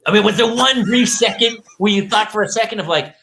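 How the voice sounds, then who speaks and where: A man's voice: sits high, animated, normal speed, few pauses, fairly bright tone. A man hosting a podcast in casual chat, joking with his guests and wrapping up the show. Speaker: podcast host. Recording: roomy echo.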